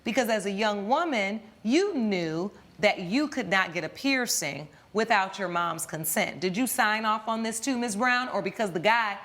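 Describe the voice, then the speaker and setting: A woman presiding as a television court judge, questioning the parties in a measured, probing, authoritative way. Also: mid-range voice, lively intonation, fairly bright tone.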